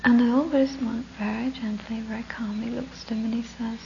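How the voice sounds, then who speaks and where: A woman gives a Buddhist talk built around a story, slipping into breathy whispers for emphasis and laughing between lines. Her voice sits a little high, with a gravelly edge. It is heard on a dull lo-fi recording with a faint hum behind it. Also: fairly even intonation, a little fast, hardly any pauses. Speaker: Buddhist teacher.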